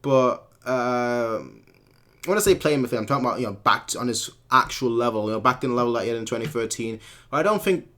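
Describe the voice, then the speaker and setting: A man's voice: mid-range voice, lively intonation, fast talker, a bit bright. A man from Munich hosting a fan live stream, answering viewer comments in a rambling way and repeating words as he corrects himself. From Munich, Germany. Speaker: fan channel host.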